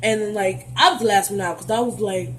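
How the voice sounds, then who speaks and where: A young adult woman telling a storytime vlog in an animated, profane, sassy way, talking straight to her viewers. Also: mid-range voice, a little fast. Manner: playful, addresses viewers directly. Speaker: vlogger.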